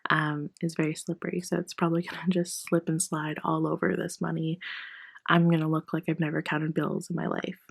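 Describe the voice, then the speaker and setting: A woman vlogging about her budget in a casual, chatty way, a little hoarse as she loses her voice, often counting cash out loud. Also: deep voice, flat delivery, fairly quick, dry recording, low-quality recording. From Canada. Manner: chatty, apologetic, counts bills aloud. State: losing her voice. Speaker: personal finance vlogger.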